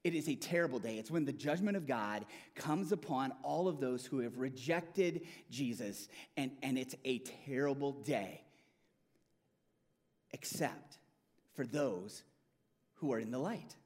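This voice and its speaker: A man preaching a sermon as pastor, emphatic and animated, often restarting and repeating words. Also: medium pitch, measured pace, long pauses. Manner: animated, emphatic preaching with rising and falling intensity.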